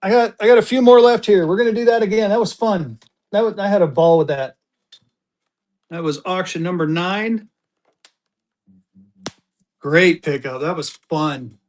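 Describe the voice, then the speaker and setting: A man from Colorado running a live online auction, keeping up a rapid, upbeat patter as he adds items for bidders. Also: high-pitched. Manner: upbeat, rapid-fire adding items, gets excited.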